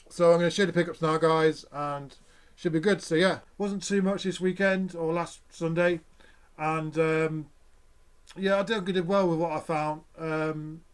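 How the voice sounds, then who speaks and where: A man's voice: on the high side, clean tone. A young man, chatting casually to camera as a vlogger, rambling and swearing often.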